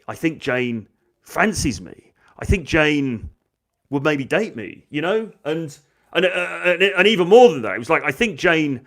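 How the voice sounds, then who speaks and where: Man, dating coach, storytelling monologue, animated, acts out quotes. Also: medium pitch.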